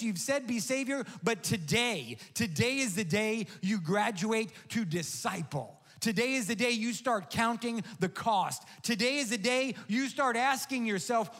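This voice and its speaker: A male pastor preaching a sermon, his voice sitting high for a man. He builds emphatic, repeated phrases and swings between intimate lows and animated pushes. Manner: animated storytelling, emphatic repetition.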